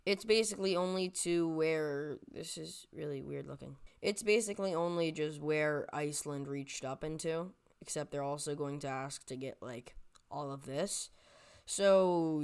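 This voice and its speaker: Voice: medium pitch, clean tone. A voice narrating a made-up map scenario in a casual, rambling way, often stopping to correct itself and tossing in jokey asides. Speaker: map video creator.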